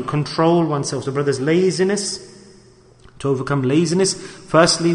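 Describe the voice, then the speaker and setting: A man preaching, his voice pitched high. He delivers his sermon with animation, slipping into the voices of the people he quotes. The sound rings with long echo, as if in a large hall. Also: a bit bright. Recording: echoey hall.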